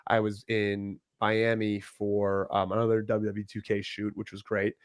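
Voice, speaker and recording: A man's voice: lowish voice, normal speed, smooth, no room sound, clean studio sound. A young man, a wrestler guest, chatting casually in an interview, laughing often and cursing easily. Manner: relaxed storyteller, laughs often, swears casually.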